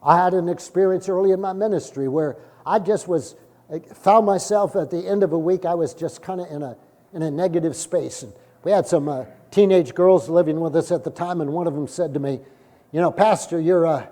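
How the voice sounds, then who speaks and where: A middle-aged male pastor preaching a sermon, telling stories and acting out the dialogue, with sudden loud bursts. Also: fairly high pitch, fairly quick. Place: church sanctuary. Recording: long hall reverb from a church.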